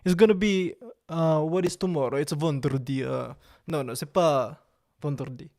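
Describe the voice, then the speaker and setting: A man hosting a livestream, chatting with viewers in a playful, vain, mock-serious way. His phrasing is halting and broken, and he drops in occasional French words. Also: on the high side, darkish tone. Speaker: livestream host. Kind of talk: casual livestream chat with viewers.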